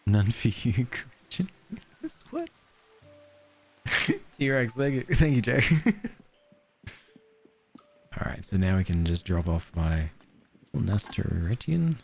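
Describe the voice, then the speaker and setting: A man's voice: lowish voice, sing-song, slow, vocal fry, long pauses, a little mellow, breathy edge, soft background music. A man streaming a cozy game, chatting casually and giggling while reading game letters aloud. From Australia. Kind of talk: casual let's-play chat.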